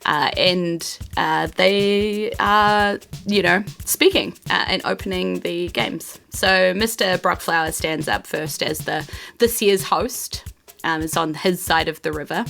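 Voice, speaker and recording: A woman's voice: fairly low pitch, slow, gravelly, a bit bright, soft background music. A woman with a New Zealand accent, narrating a tabletop game casually as game master, with many fillers.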